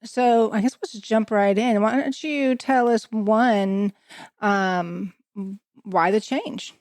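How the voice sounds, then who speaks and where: Woman host, talks real slow and easy, dry close sound. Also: mid-range voice, a little mellow, dry recording. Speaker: podcast host. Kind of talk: casual chat.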